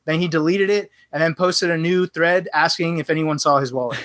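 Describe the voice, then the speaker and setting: In a dry recording, a man with a higher-pitched voice speaks briskly as a podcast guest. His long, casual anecdote is animated, and he takes on both roles whenever he quotes a conversation.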